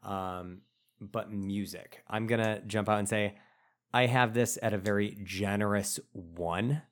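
A man co-hosting a casual film-review podcast, thinking aloud in a relaxed way. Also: lowish voice, a little slow. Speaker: podcast co-host.

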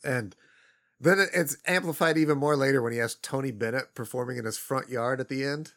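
A man casually discussing a comedy film, animated and swearing freely as he retells scenes. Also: mid-range voice, fairly quick.

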